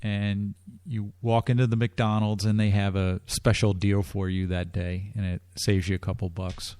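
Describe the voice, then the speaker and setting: A man as a guest on a radio interview, explaining things in a measured way with frequent restarts. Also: fairly low pitch, flat delivery, darkish tone, smooth, no echo, clean studio sound. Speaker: drum corps staff guest.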